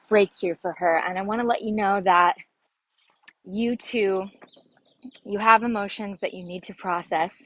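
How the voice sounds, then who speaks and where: A woman's voice: mid-range voice, poor audio. A woman working as a success coach, giving an earnest motivational talk to camera and often ending her points with "right?". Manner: warm, calls listeners "sister".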